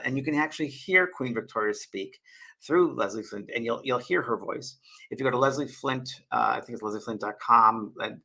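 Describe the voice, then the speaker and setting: A man hosting a casual live stream, answering viewers' questions in a rambling, halting way and often repeating his words. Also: mid-range voice, pushed and bright, rough recording. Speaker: host and spiritual medium.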